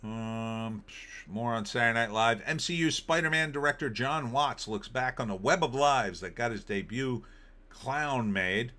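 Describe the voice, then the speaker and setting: Speaking at a measured pace, this middle-aged man hosts an opinion show in a bright, forceful, medium-pitched voice. He rants casually and sarcastically about the headlines, with mocking asides in put-on voices.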